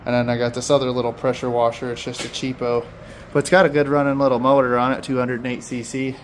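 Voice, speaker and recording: A man from Michigan walks through his lawn care gear in a relaxed, unscripted vlog. He talks haltingly, full of "uh"s, and corrects himself as he goes. His voice sits at an ordinary pitch, caught on a phone outdoors with faint background noise. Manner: halting, with many fillers and self-corrections. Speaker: lawn service owner. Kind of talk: casual equipment walkthrough vlog.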